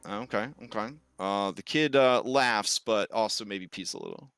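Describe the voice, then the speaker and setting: A man narrating as game master of a tabletop role-playing game, animated and often laughing. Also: on the low side, normal speed, smooth, no echo.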